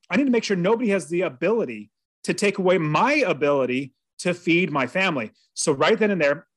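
A man's voice: a little high, fairly bright tone, dry recording. A man telling a personal story as a podcast guest, in an earnest, vivid way.

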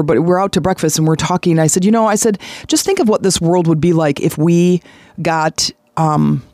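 A host giving a casual motivational monologue, talking in a conversational way with rambling asides and sudden jumps in pitch for emphasis. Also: a little mellow, no echo. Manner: rambling asides and self-corrections.

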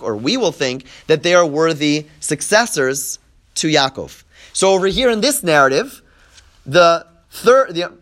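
A man's voice: fairly high pitch, fairly bright tone. A middle-aged man teaching a class, reading Hebrew verses aloud, translating them and explaining as he goes, often repeating words as he thinks. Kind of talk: classroom Torah lesson.

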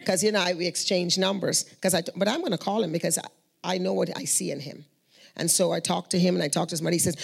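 Female testimony speaker, earnest and conversational, raspy with a bit of fry. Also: on the low side, fairly even intonation, fast. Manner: earnest, conversational, acts out quoted voices. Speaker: Christian speaker sharing prayer testimonies. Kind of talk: spoken testimony storytelling.

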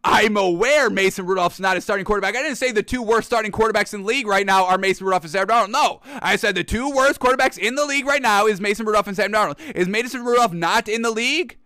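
A man's voice: high voice, quick pace, few pauses, bright, forceful tone, smooth, dry recording. A man hosting a sports talk show, ranting emphatically to camera and repeating his points. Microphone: camera mic.

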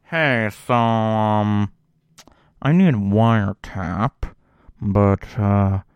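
A man doing a hesitant agent, slow and smooth. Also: lowish voice, no echo, dull audio, voice pushed down. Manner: halting, full of um and uh. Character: hesitant male agent asking a favor.

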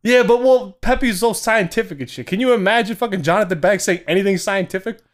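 A man's voice: high voice, quick pace. A young man co-hosting a podcast in casual, laid-back chat, swearing freely and laughing often. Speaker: podcast co-host.

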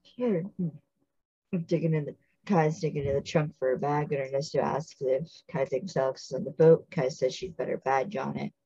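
Chatty podcast host, husky and a bit gravelly, dull dry sound. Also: medium pitch, steady tone, normal speed, warm tone, no room sound. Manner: chatty, many "like" fillers, acts out quotes. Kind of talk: casual TV episode recap.

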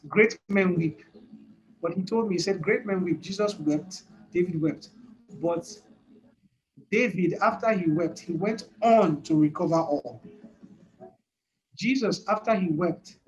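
A man preaching a sermon with emphatic, repetitive phrasing and a fairly high voice for a man. He often laughs between points and drives each idea home by saying it again. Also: a little mellow, muffled recording.

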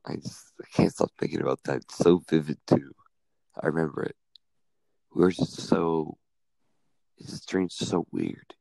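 Very deep gravelly man, rambling. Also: steady tone, unhurried, long pauses, dark tone, no room sound. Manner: rambling storytelling. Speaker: podcast host. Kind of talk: casual chat.

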